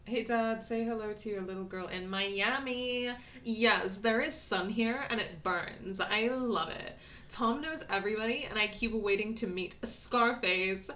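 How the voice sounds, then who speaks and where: A woman's voice: mid-range voice, pushed and bright, pitched above the performer's own voice. A woman putting on a bubbly young Valley Girl voice to read a postcard aloud, gushing and drawing out her words. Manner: drawn-out, gushing, exaggerated.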